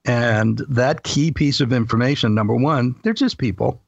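A man talks in an easy, explanatory way, his voice gravelly with a touch of fry. The sound is dry, with no room around it. It is also slightly muffled and lo-fi. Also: mid-range voice, normal speed, dry recording. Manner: calm, explanatory, matter-of-fact. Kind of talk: casual conversation.

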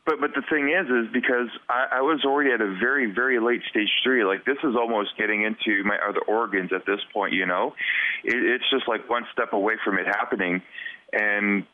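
A man from western Canada, speaking as a podcast guest about something he lived through. His delivery is earnest and halting, with words doubled as he gathers his thoughts. The sound is tinny and phone-like, with a dry, close quality. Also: fairly low pitch, no echo. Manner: earnest, halting storyteller who repeats words. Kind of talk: personal story in a podcast interview.

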